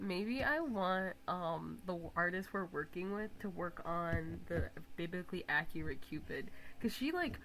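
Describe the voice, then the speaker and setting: A young woman live streaming, chatting casually and teasing her viewers, breaking into loud laughs. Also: on the low side, animated, a little slow, few pauses, slight background noise, poor audio.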